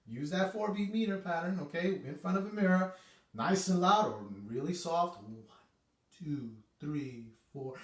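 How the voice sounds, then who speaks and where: Chatty music teacher, echoey room. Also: male voice, fairly high pitch. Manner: chatty, repeats itself, says okay often. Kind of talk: casual video music lesson. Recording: echoey room, mic at a distance.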